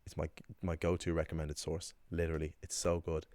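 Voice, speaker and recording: A man's voice: very deep voice, monotone, fairly quick, warm tone, no room sound. A man teaching a casual language lesson, chatty and rambling, with frequent ums and restarts.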